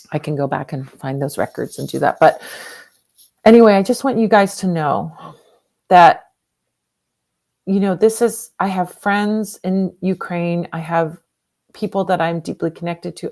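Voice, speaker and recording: Earnest woman hosting a livestream, gravelly. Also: on the low side. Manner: earnest, emotional and repetitive. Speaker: tarot reader hosting a livestream fundraiser. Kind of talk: casual livestream chat.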